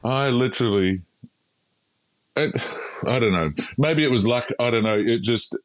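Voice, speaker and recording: An Australian man, a podcast guest, telling his story in a frank, animated, casual way with frequent restarts. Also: mid-range voice, measured pace, dry recording.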